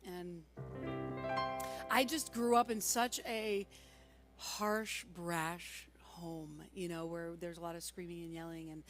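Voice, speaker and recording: A woman's voice: fairly low pitch, fairly even intonation, slow, a bit bright. A singer-songwriter woman telling chatty stories between songs at a live concert in a church. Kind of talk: live concert with stage banter. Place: church sanctuary, live performance. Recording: live music mixed with voice. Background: instrumental music.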